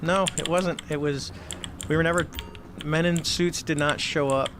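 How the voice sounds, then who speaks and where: A man's voice: a little high, moderate pace, noisy background. A middle-aged man, a former Navy squadron commander, telling his story as an interview guest and acting out the dialogue. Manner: animated storyteller, acts out quoted dialogue.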